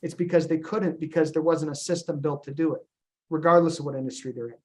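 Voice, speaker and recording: A man leading a business presentation on a group call, animated and storytelling, with frequent ums and retold dialogue. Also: on the high side, quick pace. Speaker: company founder presenting to agents on a call.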